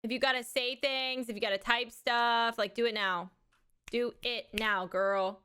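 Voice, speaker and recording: A woman live streamer chatting casually with crude, excitable, giggly banter. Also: on the high side, a little slow, clean tone.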